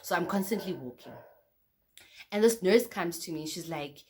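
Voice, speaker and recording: A woman's voice: lowish voice, expressive, normal speed, pauses often, a little mellow, a little hiss or hum. A young woman with a South African accent telling a personal story to camera in a chatty, casual way, often calling out to her viewers. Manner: chatty, addresses viewers as guys, repeats "okay, cool" between beats. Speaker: vlogger.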